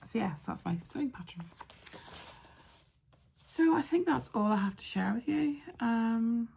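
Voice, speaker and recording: A woman hosting a craft podcast, chatting casually with many ums and soft asides as she shows yarn and patterns. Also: a little high, very animated, unhurried, gravelly, a little hiss or hum.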